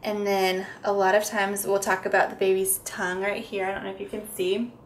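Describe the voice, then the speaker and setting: A young woman speaking as a speech therapist, her pitch sitting in an ordinary middle range. She walks through a picture book step by step and slips into sing-song, exaggerated sounds meant for toddlers. A faint steady hiss sits under the recording. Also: a little fast. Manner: explains plainly, then breaks into sing-song, exaggerated toddler-directed sounds. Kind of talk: instructional demonstration.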